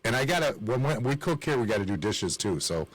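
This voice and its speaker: A man's voice: mid-range voice, very animated, brisk, slightly rough, no room sound. A middle-aged man hosting a casual bar-talk podcast, laid-back and agreeable as he chats with an old friend. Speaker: podcast host.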